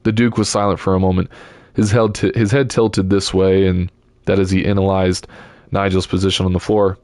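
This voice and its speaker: A man reading a novel aloud in a steady storytelling voice. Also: sits low, moderate pace, no room sound, studio quality. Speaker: audiobook reader.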